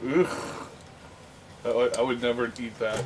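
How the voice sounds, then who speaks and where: A man's voice: mid-range voice, fairly even intonation, a little slow. A man tasting and reviewing beer in casual chat, blunt and crude in his reactions. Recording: distant mic with noticeable noise.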